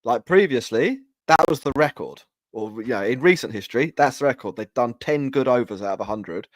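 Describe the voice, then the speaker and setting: A man's voice: mid-range voice, expressive, a little fast, dry recording, studio quality. Joking, laid-back male podcast host. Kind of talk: casual podcast chat.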